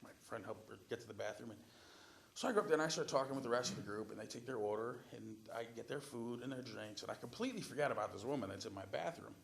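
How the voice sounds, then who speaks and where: A man applying for a city council seat answers interview questions in a council chamber, telling chatty, rambling stories full of restarts and fillers. His voice is medium-pitched and gravelly, and he talks at a quick pace.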